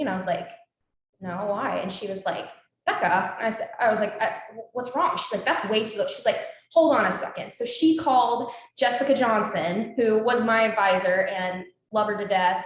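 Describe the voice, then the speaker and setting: A woman's voice: medium pitch, a little hiss or hum. A woman in her twenties, a guest in a casual interview, telling a story with lots of fillers and quoted dialogue. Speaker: alumni guest. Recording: echoey room.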